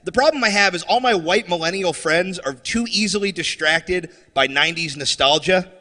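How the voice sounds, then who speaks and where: A man performing a stand-up comedy set on stage, animated and slipping into mocking character voices. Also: high-pitched, normal speed, long reverb tail. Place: comedy stage before a live audience.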